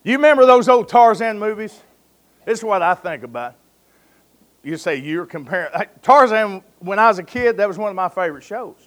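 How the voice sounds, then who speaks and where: A man's voice: high-pitched, expressive, brisk. A man preaching a sermon, telling stories in a folksy way and calling his listeners friend and folks.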